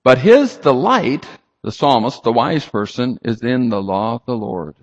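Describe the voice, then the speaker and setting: A man's voice: mid-range voice, animated, a little slow, dull audio. A man preaching a sermon, emphatic and rhetorical, reading scripture aloud and asking the congregation questions. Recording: long hall reverb.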